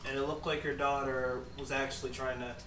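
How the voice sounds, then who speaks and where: A man playing in a tabletop game, speaking in a hesitant, halting way. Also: mid-range voice, level tone. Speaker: player. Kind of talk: casual tabletop play. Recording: echoey room, distant mic, background noise.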